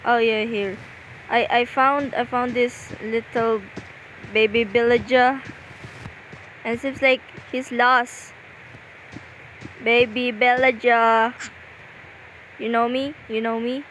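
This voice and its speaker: Young filipino-accented woman rambling thru a game, slow talker, bit of hiss behind. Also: fairly high pitch, little pitch movement, a bit bright, dull audio. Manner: rambling, repeats herself, restarts often. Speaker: gaming video creator. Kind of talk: casual game commentary.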